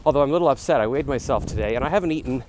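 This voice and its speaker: A man's voice: mid-range voice, animated, racing, darkish tone. Forty-something guy jogging and rambling into his phone outside, faint traffic hum. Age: 40s. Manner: rambling, self-deprecating, chatty asides. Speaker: vlogger. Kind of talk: casual rambling vlog while jogging. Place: outdoors on a city street. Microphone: phone camera held while jogging. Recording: faint street noise outdoors.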